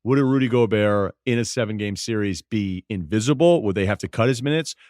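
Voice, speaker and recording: A male sports analyst chatting on a podcast, wry and analytical, with frequent laughs. His voice is somewhat low and recorded dry and close on a studio mic. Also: fairly quick, darkish tone, no room sound. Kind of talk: casual sports talk.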